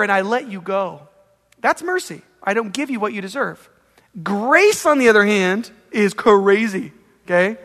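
Casting: conversational male preacher, high voice, long hall reverb. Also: expressive, moderate pace, pushed and bright. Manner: emphatic, conversational preaching with acted-out examples. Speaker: pastor. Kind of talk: sermon.

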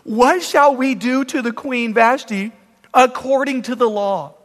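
A man's voice: extremely high pitch, unhurried, in a large hall. A preacher acting out a sputtering furious king. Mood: outraged. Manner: sputtering, repeating himself in outrage. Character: furious ancient king, man, ranting for revenge.

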